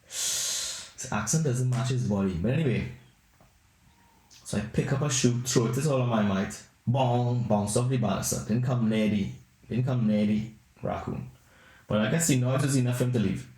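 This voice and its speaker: A man's voice: medium pitch, moderate pace. Rambling man telling comic stories. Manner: rambling, animated anecdotes. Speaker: podcast host. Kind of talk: comedic storytelling. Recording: roomy echo.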